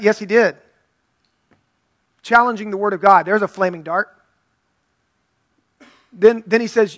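A man's voice: sits high, normal speed, long pauses, a bit bright, no room sound. A male pastor preaching an earnest, conversational sermon and reading scripture aloud.

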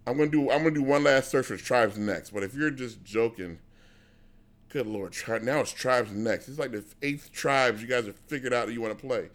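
A man's voice: mid-range voice, normal speed. A man streaming live, chatting casually with his viewers in a rambling, blunt way with lots of restarts. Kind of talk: casual rambling chat to an audience.

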